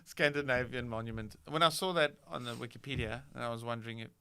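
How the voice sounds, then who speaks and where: A man's voice: medium pitch, fast, pushed and bright, clear, resonant tone. A man hosting a casual podcast chat, rambling and teasing with many restarts. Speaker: podcast host.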